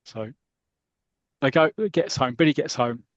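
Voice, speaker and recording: Animated man retelling a comic. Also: mid-range voice, normal speed, no echo, lo-fi sound. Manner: animated storyteller, laughs often, acts out quotes. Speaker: podcast host retelling a comic story. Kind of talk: casual chat, retelling with put-on voices.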